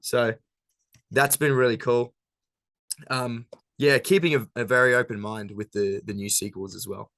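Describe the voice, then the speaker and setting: A young man from a band talks loosely through an interview, drifting through his thoughts with "um"s and easy laughter. His voice sits at a middle pitch. The sound is dry and close. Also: moderate pace, dry recording. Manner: relaxed, rambling, with fillers and laughs. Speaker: band member. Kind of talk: casual interview chat.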